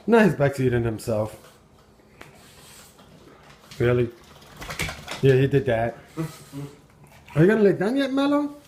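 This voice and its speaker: A man's voice: mid-range voice, huge pitch swings, unhurried, long pauses, darkish tone, a little hiss or hum. A man at home, filming his dog on a handheld camera and giving amused running commentary with frequent exclamations and chuckles. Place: at home indoors.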